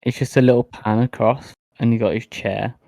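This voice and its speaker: Male podcast guest, gravelly and mellow, casual wry asides, dry sound. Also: medium pitch, fairly even intonation, moderate pace, no room sound. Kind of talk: casual chat.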